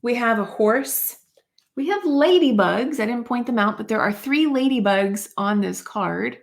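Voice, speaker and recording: A woman's voice: a little high, lively intonation, measured pace, gravelly. A woman giving a spiritual card reading to camera in a chatty, rambling way, with many fillers and asides. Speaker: card reader.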